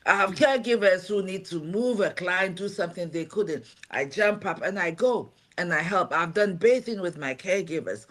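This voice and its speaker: Speaking with heartfelt sincerity on a livestream talk show, this woman, a pastor who also runs a home care agency and comes from outside America, leans on repetition to stress her main points. Her pitch is fairly low and a bit bright, animated, at a moderate pace with few pauses.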